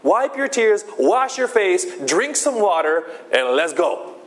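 A man's voice: high voice, sing-song, takes it slowly, exaggerated voice. A man voicing a brusque person who tells a mourner to stop crying and move on, in an impatient, scolding tone. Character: brusque man dismissing grief.

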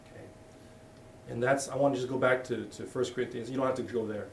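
A man's voice: medium pitch, steady tone, quick pace, a little hiss or hum. A middle-aged man preaching a sermon as pastor, talking candidly and conversationally, often restarting his sentences. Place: church hall. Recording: echoey room, voice from a distance.

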